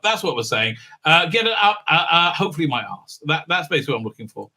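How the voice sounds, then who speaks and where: A man's voice: a little high, sing-song, fast talker, pushed and bright. A man giving a casual, sarcastic recap and review in a rambling way, with many filler sounds. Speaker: video reviewer.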